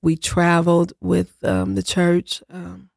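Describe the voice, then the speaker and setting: A middle-aged woman telling family stories as an interview guest, acting out quotes in higher voices. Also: sing-song, slow, creaky, a little mellow, no echo, studio quality. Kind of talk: casual storytelling.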